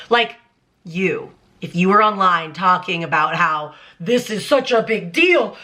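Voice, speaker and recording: A young adult woman talking casually on her vlog, breaking down song lyrics in an emphatic, animated way with lots of "like" fillers. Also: mid-range voice, measured pace. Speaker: vlogger analyzing song lyrics. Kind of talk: casual commentary.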